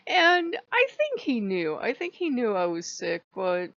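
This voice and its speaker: A woman's voice: fairly high pitch, huge pitch swings, a little slow, fairly bright tone, no echo, dull audio. A woman telling a personal story in a chatty vlog, often breaking into laughter. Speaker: channel host.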